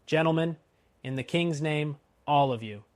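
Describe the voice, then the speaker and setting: A man voicing a gruff, watchful coach guard who barks out challenges and warnings. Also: mid-range voice, steady tone, moderate pace, no room sound, close to an everyday voice. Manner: gruff, bellowing commands.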